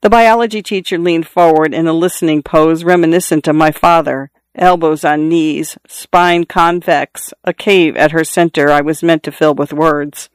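A man narrating a literary first-person story in a measured, lyrical way. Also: on the high side, steady tone, clear, resonant tone, dry recording. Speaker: audiobook narrator.

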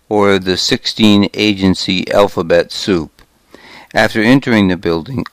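Deep, slow, calm male reader. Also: clean tone, dry recording. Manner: calm, steady reading. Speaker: volunteer reader. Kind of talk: audiobook narration.

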